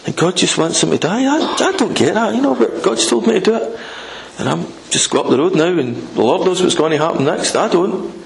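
A man's voice: sits high, animated, a little fast, creaky, a little hiss or hum, pitched above the performer's own voice. A man voicing a weary prophet who muses, bewildered, about the hard message he has just delivered. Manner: musing, bewildered. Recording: echoey room.

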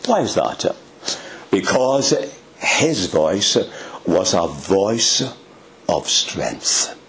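A man preaching a sermon in a dramatic, emphatic way, with sudden rises in pitch. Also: sing-song, extremely slow, a bit bright.

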